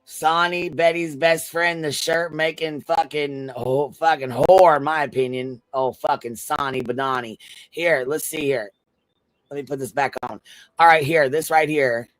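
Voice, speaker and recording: A man's voice: fairly high pitch, steady tone, unhurried, fairly bright tone, no room sound, poor audio. A man on a livestream panel reading a legal filing aloud, breaking off into blunt, profane, incredulous asides.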